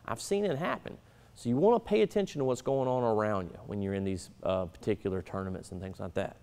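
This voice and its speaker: A man's voice: lowish voice, quick pace, darkish tone, clear, resonant tone. A man teaching karate students how to present themselves at a tournament, coaching firmly and checking in with "all right?". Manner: firm, coaching, repeats "all right?" for emphasis. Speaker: karate instructor. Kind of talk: instructional talk to students. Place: martial arts school, indoors. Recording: long hall reverb.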